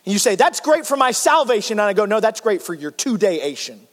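A man preaching a heartfelt sermon with a high, bright-pitched voice. His delivery swings from loud, emphatic peaks down to quiet, tender passages. The sound carries a long reverb from a large church hall. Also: very animated, brisk. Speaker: pastor.

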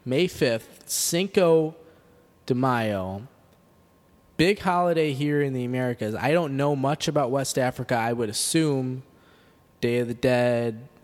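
Deadpan man hosting a podcast, reverberant. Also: mid-range voice, measured pace. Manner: deadpan mock-serious reading with sarcastic asides. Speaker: podcast host. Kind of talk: comedic podcast monologue.

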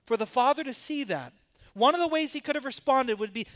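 A man's voice: very high-pitched, expressive, a little fast, a bit bright. A man preaching a sermon in a church, voicing the father and sons in the story with dramatic emphasis. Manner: dramatic, acts out the sons' and father's words. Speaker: pastor. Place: church sanctuary.

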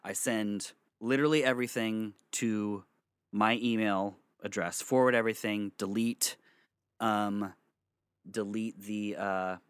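A man's voice: lowish voice, a little slow, smooth, dry recording, studio quality. A young man telling a long personal story to friends in a casual, rambling way, with swearing and laughter. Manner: rambling, animated, swears, laughs between lines.

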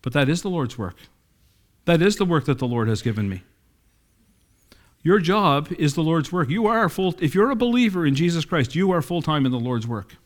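A man's voice: a little high, expressive, normal speed. A middle-aged man preaching a sermon in a conversational way, reading scripture and acting out quoted dialogue.

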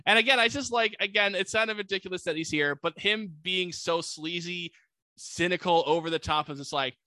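Guy retelling a movie plot, lots of like and um, bright tone, dry close sound. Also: on the high side, fairly quick, no echo. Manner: animated, acts out characters with voices; many "like" fillers. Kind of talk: casual movie recap.

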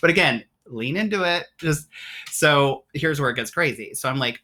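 A man telling a story as a podcast guest, excited and rambling, with lots of "like" and restarts. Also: a little high, normal speed. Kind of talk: casual storytelling.

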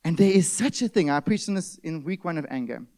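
A man preaching a sermon, stressing key words loudly and then dropping to a hush. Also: a little high, animated, fairly quick. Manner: emphatic preaching, swings between loud stresses and hushed drops. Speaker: pastor.

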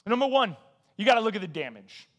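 Guy preaching, pretty high voice, super conversational, acts out his stories, keeps saying "man" and "listen". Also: quick pace. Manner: animated storytelling with acted quotes. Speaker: guest preacher. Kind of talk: sermon.

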